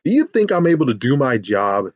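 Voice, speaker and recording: A man talks through a TV episode in loose, casual review commentary, his pitch swinging lively as he slips into squealing fan impressions. The sound is dry and close, with a slightly dull, lo-fi tone. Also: fairly quick, no room sound. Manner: animated, puts on squealing fan voices. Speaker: YouTube show reviewer.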